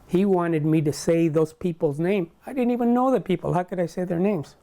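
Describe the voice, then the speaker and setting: An older man being interviewed, recounting a personal story in a halting way, full of restarts. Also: sits high, dark tone. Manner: halting, with many restarts and quoted dialogue.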